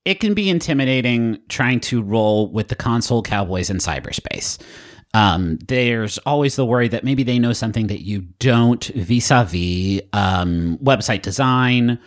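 A man's voice: mid-range voice, animated, measured pace. A man co-hosting a podcast, reading sponsor ads in a playful, jokey way with theatrical asides. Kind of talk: comedic ad read.

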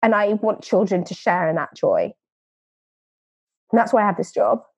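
A woman's voice: mid-range voice, very animated, moderate pace, highs cut off, background noise. A woman playing a blunt, unapologetic nature-trust spokeswoman in a scripted comedy podcast interview, rambling as she defends herself. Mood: gleeful.

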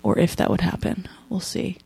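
A woman's voice: lowish voice, very animated, gravelly, darkish tone, breathy edge. A young American woman, a comedian guest, chatting casually with lots of ums and likes. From United States. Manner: chatty, quick bursts with frequent ums and likes. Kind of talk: casual podcast interview.

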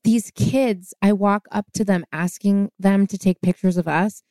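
A woman guest on a podcast telling a long story in a casual, animated way, acting out the voices of people she quotes. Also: medium pitch, measured pace, no room sound, clean studio sound.

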